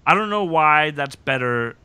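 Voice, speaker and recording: A man with a bright, slightly high voice chats casually through a podcast recap. He slips into put-on voices for the characters, and the recording is close and dry. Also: normal speed, clean tone, dry recording. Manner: animated, acts out characters' lines in put-on voices. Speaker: podcast host.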